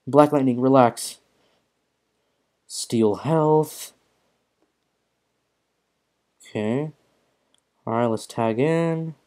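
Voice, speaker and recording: A young man casually commentating his mobile game on a live stream, excitable, swearing often and reading chat aloud, troubled by hiccups and throat-clearing. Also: medium pitch, measured pace.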